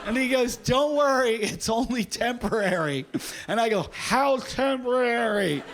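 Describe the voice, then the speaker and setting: A man performing a stand-up comedy set on a club stage, telling an animated story and acting out what people said. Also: very high voice, moderate pace. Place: comedy club stage before a laughing audience. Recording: live club recording with audience noise.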